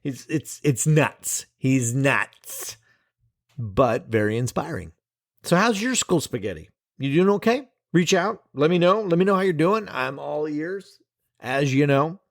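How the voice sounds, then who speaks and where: A man hosts his own podcast alone, chatting in a loose, playful way and joking at his own expense. His voice sits fairly high for a man. The close mic gives a dry sound with no room echo. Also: unhurried. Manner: playful, jokey, self-deprecating, animated. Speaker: podcast host. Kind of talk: casual solo podcast monologue.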